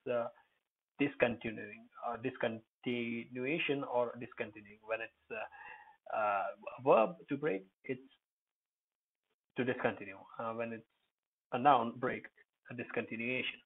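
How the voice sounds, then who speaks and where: Husky man teaching word pronunciation. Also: medium pitch, measured pace, pauses often. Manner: hesitant, many uh fillers, thinks aloud; says single words loudly for practice. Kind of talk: informal pronunciation lesson. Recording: tinny phone-quality recording.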